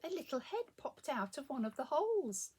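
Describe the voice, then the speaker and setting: A woman reading a children's picture book aloud, expressive and inviting listeners to join in. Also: high-pitched, normal speed. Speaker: storyteller.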